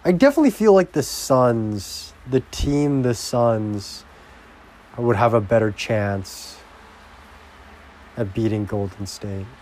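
A young man in a casual video diary, rambling crudely and breaking into loud, profane, exasperated outbursts. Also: mid-range voice, animated, slow pace, slight background noise. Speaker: vlogger.

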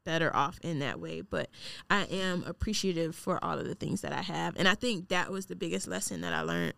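A woman's voice: fairly low pitch, very animated, fairly quick, creaky, fairly bright tone, dry recording. A woman in her thirties co-hosting a podcast, chatting casually in a laid-back, slangy way and swearing freely. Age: 30s. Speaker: podcast co-host. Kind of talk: casual chat.

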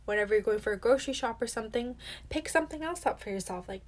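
A woman's voice: fairly high pitch, animated, fast talker. A young adult woman hosting a self-help podcast, talking candidly and casually, filling her speech with "like" and swearing now and then. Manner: chatty, heavy use of "like", candid and swears casually. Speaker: podcast host.

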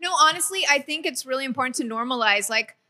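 Bright, expressive young woman co-host. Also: high voice, quick pace. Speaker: podcast co-host. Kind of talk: casual chat.

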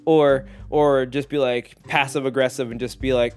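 A man's voice: medium pitch, level tone, normal speed, few pauses, a little mellow, faint music behind. Rambling, joking man talking on his podcast. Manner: rambling, joking, lots of fillers. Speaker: podcast host. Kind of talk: casual solo podcast talk.

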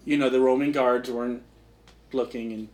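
A man's voice: mid-range voice, steady tone, normal speed, a little mellow. A young man narrating as game master in a casual, rambling way, full of fillers. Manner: rambling, filler-heavy, laughs often.

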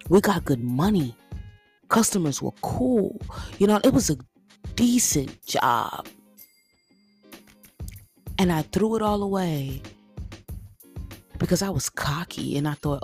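A young woman hosting her own podcast, telling a casual, animated story and talking straight to her listeners as guys and y'all. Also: lowish voice, slow pace, pauses often, faint music behind. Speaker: podcast host.

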